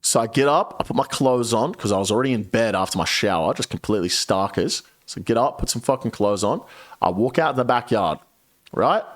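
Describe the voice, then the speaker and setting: Young male streamer, casual storyteller, lively and animated, swears freely. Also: medium pitch, a little fast. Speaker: game streamer. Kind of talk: casual storytelling while gaming.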